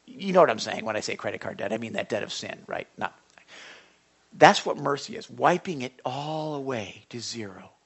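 A man preaching a conversational sermon. He uses a folksy style, checks in with his listeners, and swings between loud bursts and quiet asides. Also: medium pitch, animated, moderate pace, gravelly, husky. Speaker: pastor.

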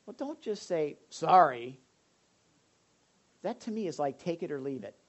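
A man preaching a conversational sermon to his congregation, lively and direct, with frequent asides and questions to his listeners. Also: fairly high pitch, fairly quick. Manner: animated, addresses the audience directly, frequent asides. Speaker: pastor.

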